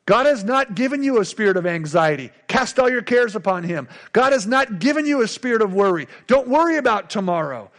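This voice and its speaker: A man's voice: high-pitched, fairly bright tone. A middle-aged male pastor preaching a sermon with emphatic, repetitive call-and-response lines.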